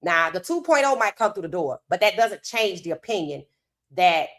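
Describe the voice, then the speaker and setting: A woman hosting a live sports talk stream, reading viewer comments aloud and reacting with animated opinions, her voice worn from hours of streaming. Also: fairly low pitch, normal speed. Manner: animated, talks straight to chat, reads comments aloud. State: losing her voice.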